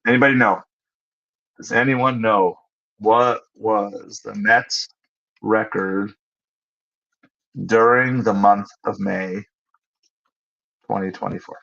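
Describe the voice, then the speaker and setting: Low-voiced man hosting a casual stream. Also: steady tone, gravelly, bright, forceful tone, dull audio. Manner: conversational, thinks aloud, pauses with fillers while looking things up. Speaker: livestream host. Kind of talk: casual livestream chat answering viewers.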